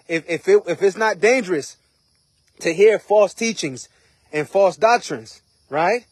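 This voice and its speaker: A man's voice: sits high, a little mellow, slightly rough, no room sound, clean studio sound. A man preaching an informal sermon in a conversational way, often asking "right?" and "you know". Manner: conversational, repeats rhetorical questions.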